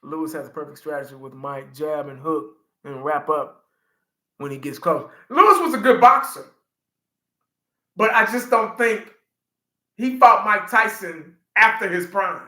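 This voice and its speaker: A man in his forties chatting casually on a livestream, an animated storyteller who laughs often and talks to his chat. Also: sits high, measured pace, long pauses, roomy sound, poor audio. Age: 40s. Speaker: livestream host.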